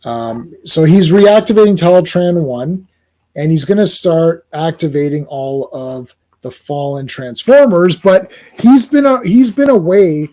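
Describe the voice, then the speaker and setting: A man with a fairly high but mellow voice, hosting a loose, casual conversation. He talks animatedly, leans on fillers, and keeps slipping into little acted-out bits of the characters. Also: animated, unhurried. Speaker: host. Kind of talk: casual chat.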